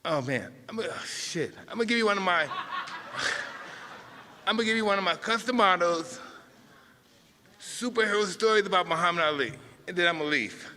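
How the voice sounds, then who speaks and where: A man's voice: high voice, lively intonation, brisk, long pauses, long reverb tail, noisy background. A man in his fifties telling a rambling, emotional story live, often stopping and restarting mid-sentence. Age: 50s. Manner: rambling, emotional, self-interrupting.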